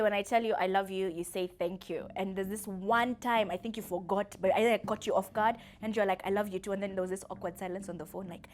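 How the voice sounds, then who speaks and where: A young woman, fondly addressing her father in a chatty, giggly, emotional way. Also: medium pitch. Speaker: vlogger. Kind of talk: heartfelt personal address.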